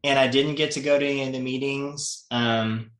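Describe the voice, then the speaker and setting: A man's voice: mid-range voice, normal speed. Man telling stories in an echoey room. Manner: storytelling, animated, repeats words, laughs often. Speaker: guest, skateboarder and skatepark designer. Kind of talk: casual podcast chat.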